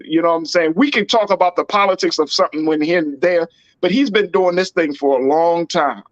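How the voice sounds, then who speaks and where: A man's voice: on the high side, a little fast, dry recording, lo-fi sound. A man hosting a political talk show, speaking in an emphatic, slangy and repetitive way. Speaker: host.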